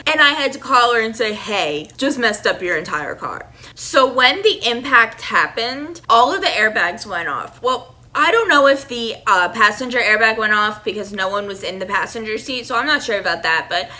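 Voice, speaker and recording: A young woman telling a storytime vlog in a chatty, animated way, full of "like" fillers. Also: fairly high pitch, normal speed, few pauses. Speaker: vlogger.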